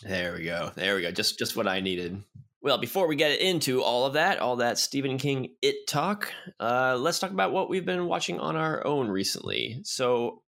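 A man's voice: medium pitch, lively intonation, moderate pace, gravelly, a bit bright. A man co-hosting a podcast in casual chat, joking, laughing often and repeating words as he thinks. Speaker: podcast co-host.

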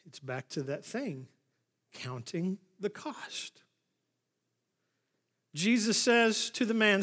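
Animated high-voiced male preacher. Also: takes it slowly, long pauses. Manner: animated storytelling, acts out the scripture scenes. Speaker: pastor. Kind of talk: sermon. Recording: long hall reverb.

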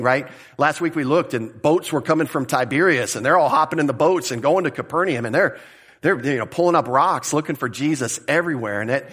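Man, pastor, expository sermon, conversational, emphatic, rhetorical questions, mid pitch. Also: a bit bright.

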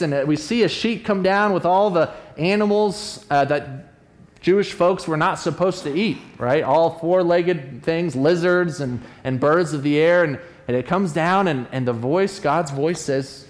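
Conversational preacher, a man with a higher voice. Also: measured pace. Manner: animated storytelling, acts out quoted voices with a raised pitch; conversational, often asks "right?". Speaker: pastor. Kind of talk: sermon.

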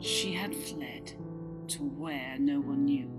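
Slow dramatic woman storyteller. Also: fairly high pitch, animated, creaky. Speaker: narrator. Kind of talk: dark folktale storytelling. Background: music.

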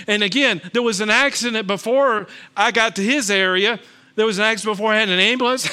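A middle-aged man preaching a sermon as pastor, telling stories and swinging between loud bursts and hushed calm. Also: very high voice, clear, resonant tone.

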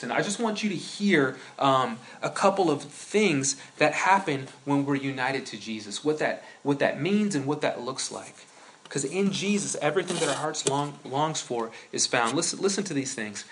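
A man preaching a sermon in a conversational way, building into animated storytelling. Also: a little high. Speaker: pastor.

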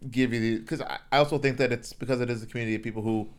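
A man's voice: mid-range voice, steady tone, racing. A man co-hosting a casual podcast. He is easygoing and laughs a lot, and his sentences often trail off and restart. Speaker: podcast co-host.

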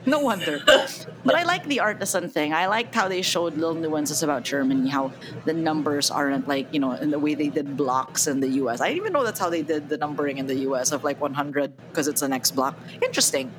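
Woman, podcast co-host, lowish voice, casual opinionated review chat, faint room hiss. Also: brisk. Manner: chatty, opinionated, laughs often.

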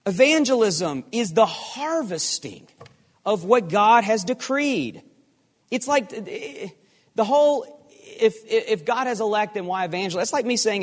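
Animated high-voiced male preacher in hall. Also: moderate pace. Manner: animated, emphatic, with rhetorical questions. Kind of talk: sermon. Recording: long hall reverb.

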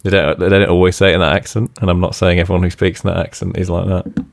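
Guy with a really low voice, laid-back podcast banter, laughs a lot. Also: fast, creaky. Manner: relaxed, chatty, laughs easily. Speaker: podcast co-host. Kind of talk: casual podcast chat.

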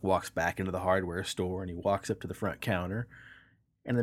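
A man co-hosting a casual podcast, an animated storyteller who laughs easily. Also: low voice, a little fast. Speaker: podcast co-host. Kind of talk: casual chat, joke telling.

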